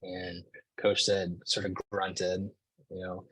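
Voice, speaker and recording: Man, forties, low husky voice, dry sound, casual storytelling, chatty asides. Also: very animated, slow pace, fairly bright tone, no room sound, low-quality recording. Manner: casual, conversational, frequent "like" and "right?". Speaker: speaker. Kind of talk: storytelling talk to an audience.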